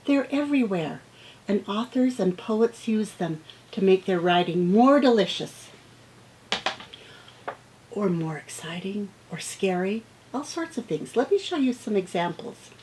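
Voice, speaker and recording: Slow-talking teacher woman with playful sounds. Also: medium pitch, animated, mellow, slight background noise, low-quality recording. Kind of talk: read-aloud lesson for children.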